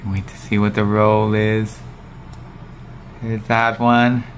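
A man hosting a comic improv bit, gushing in mock awe over a spinning die, sliding between low murmurs, high squeals and hushed whispers. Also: flat delivery, slow pace, a little hiss or hum. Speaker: family channel host.

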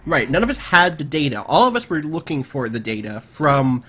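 A man hosting a casual group chat about a game just played, bantering and laughing. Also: on the high side. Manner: animated, quick laughing banter. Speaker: host.

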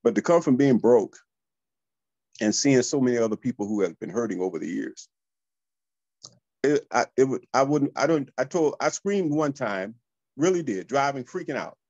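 A man, a real estate coach telling motivational stories to listeners in a lively, high-energy way. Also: normal speed, no echo, muffled recording. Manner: high-energy, animated, addresses listeners as y'all. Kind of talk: motivational storytelling.

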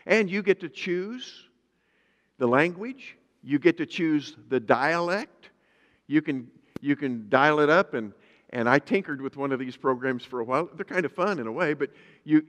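A man, a pastor, preaching a sermon in a lively way, reading scripture aloud in a slow, deliberate manner. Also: on the high side. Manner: lively preaching, reads scripture slowly and emphatically. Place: church sanctuary. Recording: reverberant church hall.

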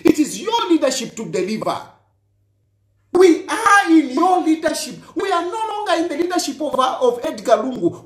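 This very high-pitched man, a politician from Zambia, sounds roomy as he delivers an impassioned monologue directly to his listener. He accuses and rages, repeating himself to hammer each point.

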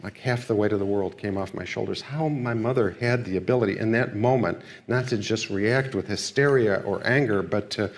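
A man's voice: on the low side, moderate pace, few pauses. An older man giving a lecture, telling a personal story in a subdued, reflective and hesitant way. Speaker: guest lecturer. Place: school lecture hall.

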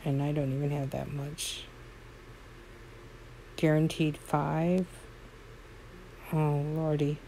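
A woman with a low, gravelly voice speaks slowly and warmly as she plays a horse game at home. She gushes over her horses and keeps exclaiming. Her tone is soft and mellow. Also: flat delivery, slight background noise, poor audio. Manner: gushing, talks to her horses fondly; frequent exclamations. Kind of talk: casual gameplay commentary.

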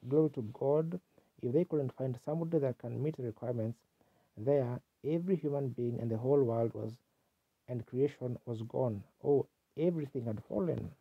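A man's voice: medium pitch, gravelly, husky, no echo. A man preaching a sermon with fervent exclamations, heard on a dull, lo-fi archival tape.

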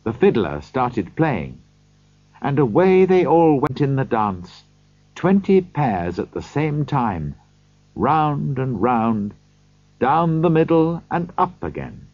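Slow, husky male storybook narrator. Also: medium pitch, sing-song, a little mellow, dry recording, dull audio. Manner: slow, clear reading for learners. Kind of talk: scripted audiobook narration.

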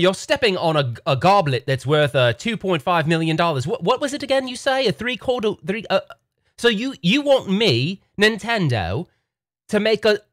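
British accent, pompous rich boss, squeaky high voice, dry close mic. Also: male voice, fairly bright tone, no room sound. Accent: British (put on). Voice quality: shrill, blustery, scoffing. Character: pompous wealthy British company boss, male, haughty.

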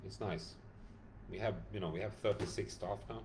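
Man, tired, casual livestream Q&A, reads comments out, fairly low voice. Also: fairly even intonation, normal speed, darkish tone, a little hiss or hum. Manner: reads viewer comments aloud and thanks them by name. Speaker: dog rescue founder answering live chat.

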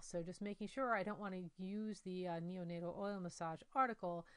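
Low, smooth-voiced woman narrating a screen tutorial. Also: dry recording. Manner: relaxed, thinking aloud with frequent um and uh. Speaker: instructor demonstrating software. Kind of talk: screen-recorded tutorial walkthrough.

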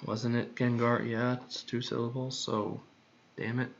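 A man's voice: medium pitch, flat delivery, measured pace, creaky, slight background noise. A man thinking aloud while he works, muttering to himself and repeating words over and over. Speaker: creator working on a song. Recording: dull lo-fi recording.

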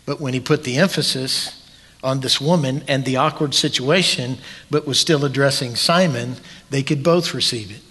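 A man pastor preaching a sermon in a church sanctuary, deliberate and emphatic, leaning on long pauses. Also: mid-range voice, a bit bright, breathy edge. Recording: long church hall reverb.

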